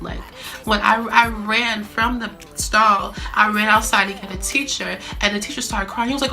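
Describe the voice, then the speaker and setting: A young adult woman vlogger telling a story in a chatty, animated way, full of fillers. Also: medium pitch, normal speed, gravelly, faint music behind. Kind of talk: casual storytime.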